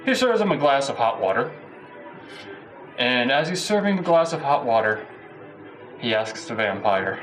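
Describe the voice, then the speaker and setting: A man's voice: medium pitch, sing-song, normal speed, long pauses, rough recording. Man, casual joke telling, rambling with fillers, faint music behind. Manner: loose, rambling delivery with fillers.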